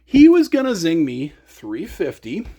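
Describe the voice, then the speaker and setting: A man telling a casual story as a rant on his gear channel, sarcastic and animated. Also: on the high side, unhurried.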